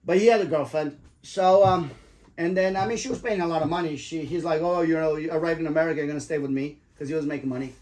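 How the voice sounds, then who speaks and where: High-pitched dad telling a rowdy story, swears a lot, acts out the voices. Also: male voice, fast talker, a little mellow. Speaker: father telling a family story. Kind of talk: casual storytelling.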